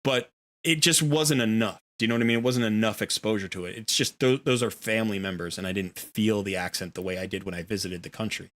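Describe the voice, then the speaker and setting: A man's voice: on the low side, fast, fairly bright tone. A middle-aged American man hosting a game stream, talking in a rambling, casual way full of fillers and restarts. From United States. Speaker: streamer and host. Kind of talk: casual chat while gaming.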